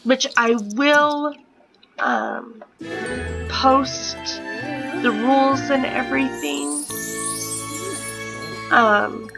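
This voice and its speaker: A woman's voice: sits high, sing-song, very slow, creaky, pauses often, music in the background, low-quality recording. A woman in her thirties chatting casually at home while playing a life-sim game, often dropping into a whisper. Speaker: gaming vlogger. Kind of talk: casual gameplay commentary.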